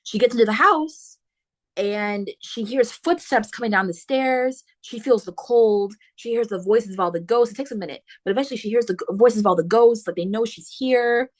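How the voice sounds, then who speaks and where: A woman hosting a book podcast, retelling a horror novel's plot in a casual, animated way with slangy asides. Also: fairly high pitch, normal speed. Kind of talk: casual spoiler book talk.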